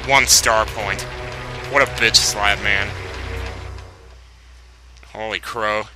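A young man giving casual let's play commentary, excitable and cracking profane jokes. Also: lowish voice, slow pace, poor audio. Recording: game music behind the voice.

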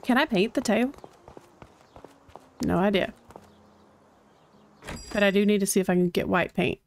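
A woman's voice: mid-range voice, measured pace, vocal fry, a little hiss or hum. A woman streaming a cozy game, thinking aloud in casual, chatty commentary. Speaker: gaming streamer.

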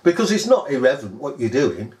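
A man's voice: medium pitch, sing-song, brisk, a little mellow, a little hiss or hum. A man preaching a sermon in a scornful, sarcastic manner. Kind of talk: recorded sermon. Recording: echoey room.

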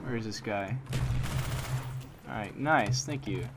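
A young man with a fairly low voice gives slow live commentary on a shooter game, shifting between muttered complaints and sudden frustrated outbursts at enemy campers. Loud game sounds and gunfire create heavy background noise behind his voice.

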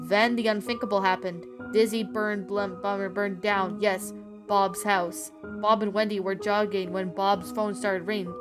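A woman narrating a horror story aloud, reading earnestly and stumbling over words now and then. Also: mid-range voice. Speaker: creepypasta narrator. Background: background music.

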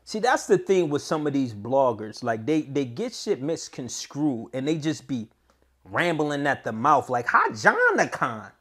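A man hosting battle rap reaction commentary, slangy, swinging from low mutters to high, heated yelling. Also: sing-song, unhurried, breathy edge.

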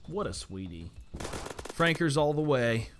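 A man streaming a live game, chatting with his viewers and reacting quickly and excitably to the action. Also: mid-range voice. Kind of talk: live gaming commentary. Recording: game music and gunfire in the mix. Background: game music and gunfire.

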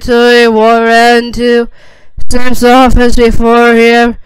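Woman reading fanfic out loud, slow n flat, really clear dry mic. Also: on the high side, no echo, low-quality recording. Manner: slow, even, slightly halting reading. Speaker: narrator. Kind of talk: reading fan fiction aloud.

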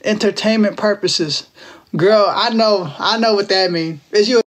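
On a phone livestream, a Texan man in his twenties banters with viewers, teasing them with playful slang in a casual chat. His voice is high-pitched and a bit bright, at a normal speed.

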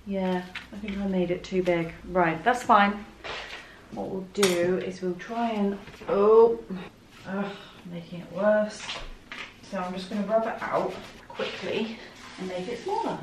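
A woman's voice: medium pitch, measured pace, reverberant, background noise. A woman chatting casually while she works in her art studio, thinking aloud and poking fun at herself. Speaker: art vlogger.

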